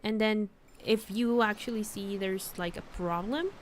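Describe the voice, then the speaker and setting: A woman's voice: medium pitch, a little slow, slight background noise. A young woman streaming a game, chatting casually and rambling, stumbling over words, with hiccups. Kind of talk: casual gameplay commentary. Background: game music.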